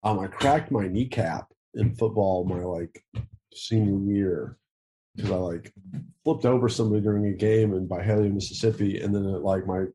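A man's voice: lowish voice, normal speed, mellow, slight background noise. A young man answering interview questions over a video call in casual chat, rambling, laughing often and swearing casually. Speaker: interview guest.

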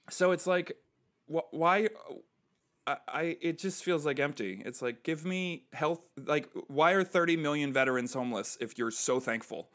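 A man's voice: fairly high pitch, a little slow. A man from the United States, a comedian and military veteran, chatting casually on a podcast and acting out other people's lines as he tells his stories. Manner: animated storyteller who acts out other people's lines.

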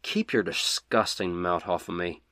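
A man's voice: low-pitched, moderate pace, pushed and bright, no echo, studio quality, pitched below the performer's own voice. A man voicing a blunt, tough male fighter in chainmail who talks in short, curt lines. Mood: disgusted.

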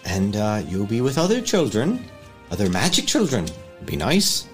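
A man voicing a warm, motherly woman recruiter, cheery and coaxing. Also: on the low side, wildly swooping pitch, moderate pace, faint music behind.

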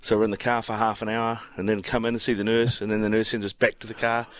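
Low-voiced New Zealand man, dry sound. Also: flat delivery, fast talker, a bit bright, no echo. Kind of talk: casual chat.

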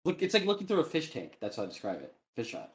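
Fast-talking young man, rambling. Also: a little high. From New England. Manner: rambling, filler-heavy, animated. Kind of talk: casual chat.

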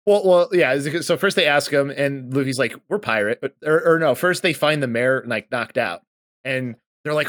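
A man co-hosting a podcast, casually recapping a manga and acting out the characters' lines with lively energy. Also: medium pitch, moderate pace, dry recording, studio quality. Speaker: podcast co-host.

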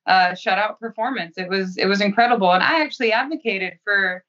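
Woman fighter, cocky and profane, bright voice, distant lo-fi audio. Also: mid-range voice, fairly quick. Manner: blunt, profane, self-assured. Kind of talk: interview answers.

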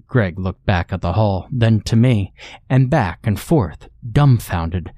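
A man narrates a first-person horror tale in a measured, steady voice. His pitch sits on the low side, and the recording is dry and close with no room sound. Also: no room sound. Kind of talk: scripted horror story narration.

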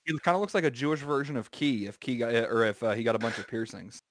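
A man co-hosting a podcast, telling a drawn-out high school story in a relaxed, rambling way with lots of fillers. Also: no echo, studio quality. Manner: drawn-out anecdotes with many fillers. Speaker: podcast co-host. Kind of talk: casual storytelling chat.

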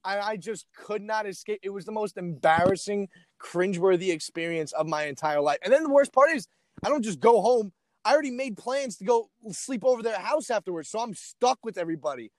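A man's voice: sits high, animated, fairly quick, dry recording. A stand-up comedian, a man, telling crude stories in casual chat and teasing his friend with lots of swearing.

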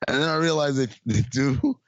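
A man's voice: mid-range voice, moderate pace, no room sound, lo-fi sound. A man co-hosting a podcast, chatting playfully about a film and acting out its lines. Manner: playful, acts out quoted lines. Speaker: podcast co-host. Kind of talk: casual movie podcast chat.

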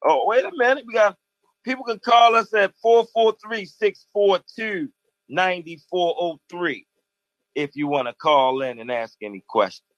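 Radio host dude, bright voice, chatty, dry studio. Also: male voice, high voice, unhurried, no room sound, highs cut off. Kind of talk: casual radio chat.

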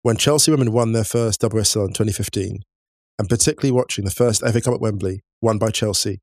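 Young guy cohosting a pod, lowish voice, dry close sound, chatty and laughs a lot. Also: no echo. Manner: chatty, animated, laughs easily. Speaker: podcast co-host. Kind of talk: casual chat and reading listener messages.

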